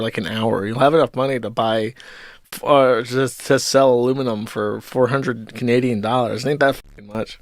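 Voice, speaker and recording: A man's voice: medium pitch, no echo, clean studio sound. A man giving sarcastic, profane commentary over video clips as the host of an online show.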